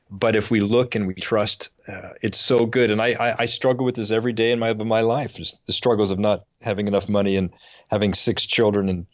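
A middle-aged man on a faith podcast, telling a personal story in an earnest, halting way and getting choked up. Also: lowish voice, no room sound. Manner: earnest, halting, with frequent restarts. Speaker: podcast co-host.

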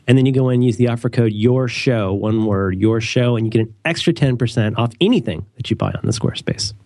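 A middle-aged man co-hosting a podcast and reading an ad in a jokey, rambling, animated way. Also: fast, dry recording, clean studio sound. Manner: animated, rambling, jokey, with sudden high leaps. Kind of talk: casual podcast chat.

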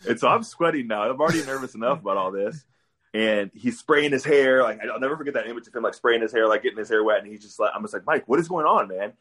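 A man's voice: medium pitch, quick pace, fairly bright tone, slightly rough. A man telling a story on a casual podcast, laughing as he goes. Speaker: guest wrestler.

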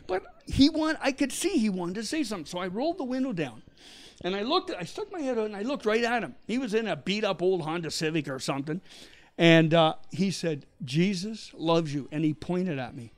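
A middle-aged man from Canada, a missionary guest telling a story with animated delivery and acted-out quotes. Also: high-pitched, brisk. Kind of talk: storytelling interview.

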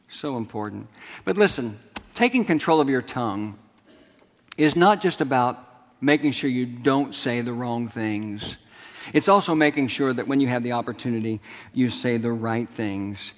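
A middle-aged man preaching a sermon, telling stories and calling on the congregation to respond. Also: mid-range voice. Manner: storytelling, asks the congregation to respond. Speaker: pastor. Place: large church sanctuary. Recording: long hall reverb.

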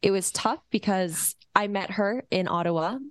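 A woman's voice: mid-range voice, moderate pace, no echo. A woman reporter talking in an earnest, conversational way. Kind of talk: casual conversation.

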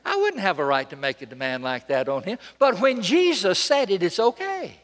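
A man's voice: sits high, huge pitch swings, moderate pace. Guy preaching at the pulpit, dramatic, repeats stuff, voice leaps all over, big reverby church. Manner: dramatic, emphatic repetition, swings between loud and soft. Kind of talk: sermon.

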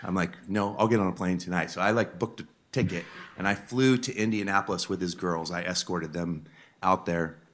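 A man preaching a sermon to a live audience, telling a personal story earnestly, moving from hushed moments to fervent appeals. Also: deep voice, a little fast.

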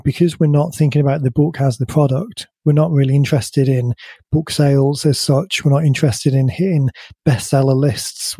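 A man hosting a podcast with a slightly croaky voice, explaining ideas in a relaxed way with many restarts. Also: mid-range voice, dry recording. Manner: thinks aloud with many restarts.

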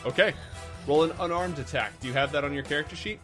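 A man narrating as game master, playful and dramatic, with sudden bursts of shouting. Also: a little high, quick pace, over music.

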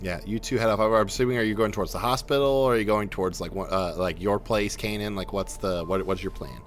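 A man running a tabletop game as game master, prompting players with quick questions. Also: lowish voice, soft background music.

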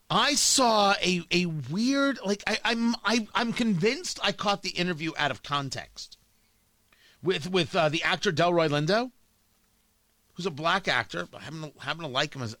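A man's voice: high-pitched, sharp tone, no echo. A man delivering an emphatic opinion monologue as a talk host, often repeating words as he builds a point.

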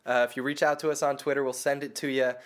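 A man's voice: mid-range voice, little pitch movement, quick pace. Profane, laughing podcast co-host man. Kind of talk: casual comedic chat.

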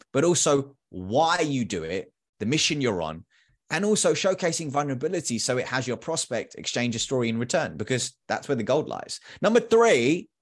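A man in his thirties, a sales trainer, talking energetically as a podcast guest with emphatic repeats. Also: medium pitch. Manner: animated, acts out quoted dialogue; emphatic repetition.

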